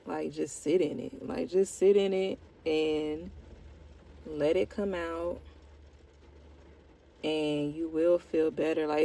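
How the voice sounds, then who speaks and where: Young woman vlogger, heartfelt check-in, low and unhurried. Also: dark tone. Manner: slow, reflective and heartfelt, with casual slang. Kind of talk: candid personal check-in.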